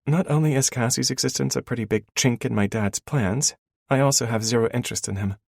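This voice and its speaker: A man's voice: medium pitch, fairly quick, gravelly, darkish tone, no room sound, clean studio sound, pitched above the performer's own voice. A man voicing a teasing young mother. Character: young woman, new mother, teasing and blunt.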